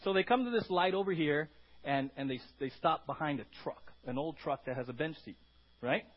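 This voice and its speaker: A man preaching a lively sermon to his congregation in a church, calling out for responses and acting out voices in sudden loud bursts. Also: brisk, muffled recording. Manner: animated, calls out "Amen?" and "right?" to the congregation; acts out quoted voices with sudden loud, high outbursts. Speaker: pastor. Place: church hall before a congregation.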